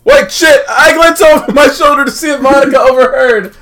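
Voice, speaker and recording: A game streamer chatting and reading a visual novel aloud with a high, bright voice. The talk is casual and jokey, full of quick laughs and self-interruptions. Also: soft background music.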